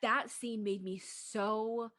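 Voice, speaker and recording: A woman's voice: on the high side, fairly even intonation, slow pace, a bit bright. A woman co-hosting a casual chat on a video call, sleepy and yawning, talking with lots of "like" fillers. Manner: chatty, laughs often, many "like" fillers. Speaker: co-host.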